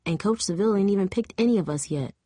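A woman's voice: mid-range voice, fast, warm tone, no room sound, clean studio sound, natural voice. A woman reading an audiobook, voicing a blunt, confiding teenage girl cheerleader. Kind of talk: audiobook character voice.

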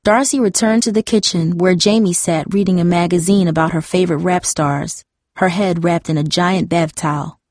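A woman narrating a novel chapter in a calm, measured storytelling voice. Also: fairly low pitch, no room sound, clean studio sound. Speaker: audiobook narrator.

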